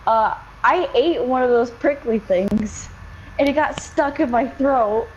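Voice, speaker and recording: Over dull lo-fi game-capture audio with slight background noise, a young woman tells a casual story at a measured pace. Her voice is on the high side, and she rambles, swears heavily, and leans on lots of "likes" and fillers.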